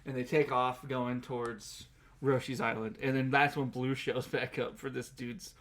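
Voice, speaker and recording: A man's voice: mid-range voice, level tone, normal speed, fairly bright tone. A man co-hosting a podcast, chatting casually and rambling with frequent laughs while he acts out scenes. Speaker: podcast co-host. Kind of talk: casual chat recapping an anime.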